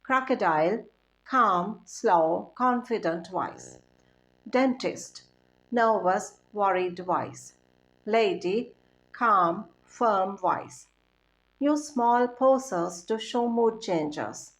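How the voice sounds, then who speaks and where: A woman reciting a poem and coaching students, with a clear, calm, measured delivery. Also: medium pitch. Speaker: recitation teacher.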